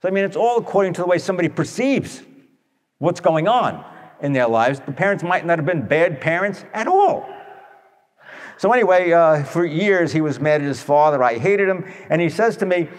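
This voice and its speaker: A man telling stories to an audience in a blunt, animated way, tossing in rhetorical questions. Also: fairly high pitch, normal speed. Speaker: speaker addressing an audience. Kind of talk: storytelling talk to an audience. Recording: long echoey hall reverb.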